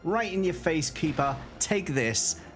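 A man's voice: a little high, expressive, unhurried, a bit bright, faint music behind. A man putting on the voice of a cocky, brutish male sports rival who taunts bluntly. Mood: taunting.

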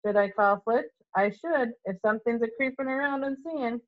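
A woman's voice: fairly high pitch, moderate pace, close to an everyday voice. A woman voicing a mischievous male poltergeist in a storybook read-aloud, sly and fawning, on a dull lo-fi recording. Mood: teasing.

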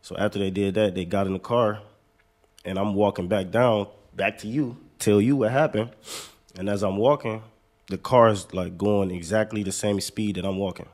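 As a guest, an American basketball player from the United States tells a personal story in a relaxed, laid-back way. His voice is on the low side, he talks at a normal speed, and he says "man" a lot.

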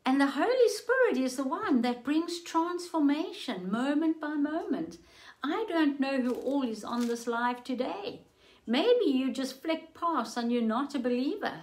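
Slow, earnest woman preacher. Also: high-pitched, big pitch swings, poor audio. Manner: slow, earnest storytelling, rising fervent in exhortation. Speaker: preacher on a daily livestream. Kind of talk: storytelling sermon.

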